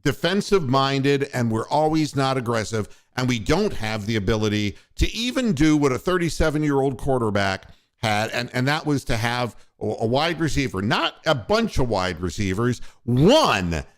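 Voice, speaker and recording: A man's voice: medium pitch, sing-song, moderate pace, hardly any pauses. A man hosting a postgame sports radio show, ranting angrily with lots of profanity. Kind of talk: postgame sports talk rant.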